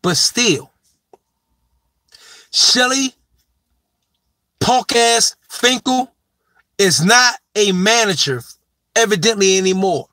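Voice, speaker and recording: High-pitched man lecturing, slow and cursing. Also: lively intonation, pushed and bright, no echo. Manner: profane, emphatic, lecturing; repeats his main point with heavy stress. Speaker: sports commentator. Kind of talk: opinion monologue on boxing.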